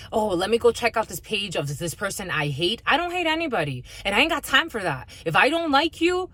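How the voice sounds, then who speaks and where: A woman's voice: on the high side, fairly bright tone. A woman channeler giving a spiritual energy reading to her viewers. She talks bluntly and swears freely, restarts her sentences often and calls her listeners "my lovies.". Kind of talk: direct-to-camera energy reading monologue.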